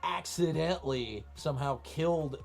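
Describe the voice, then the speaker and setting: A man's voice: on the high side, moderate pace, gravelly, faint music behind. A man co-hosting a podcast, chatting casually with lots of swearing and restarts. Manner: profane, animated, rambling with restarts. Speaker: podcast co-host. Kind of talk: casual chat.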